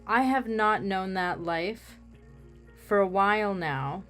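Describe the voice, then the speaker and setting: A woman's voice: mid-range voice, slow, a bit bright, soft background music. A woman craft vlogger chatting casually while she works, rambling with self-mocking humor.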